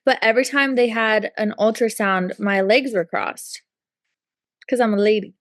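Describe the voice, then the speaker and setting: A woman's voice: medium pitch, normal speed, no echo, studio quality. A woman co-hosting a podcast, retelling a story in casual chat with lots of "like" and "um" and acting out the quotes. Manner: chatty storytelling, acts out quotes, many likes and ums. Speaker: podcast co-host.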